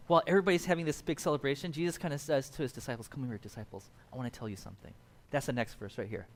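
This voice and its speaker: A male pastor with a voice on the higher side delivers a sermon. He tells the story in a loose, animated way and jumps into quick voices for the people in it.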